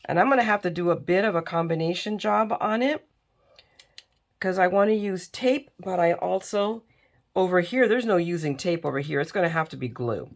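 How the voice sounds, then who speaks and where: Speaking at a normal pace in a fairly low voice, a middle-aged woman chats casually while crafting for a tutorial video. She sounds tired and keeps yawning.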